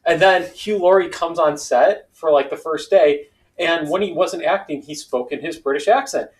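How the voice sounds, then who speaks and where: A man hosting a board game session, chatting casually, reading out rules and telling stories with lively acted-out quotes. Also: fairly high pitch, moderate pace, poor audio. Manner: animated storyteller, acts out quoted voices. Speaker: board game player and host.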